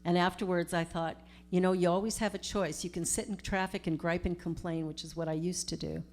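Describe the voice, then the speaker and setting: A middle-aged woman, a minister giving a storytelling sermon in a conversational, animated way. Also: fairly low pitch, a little fast. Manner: conversational, animated retelling with acted-out quotes.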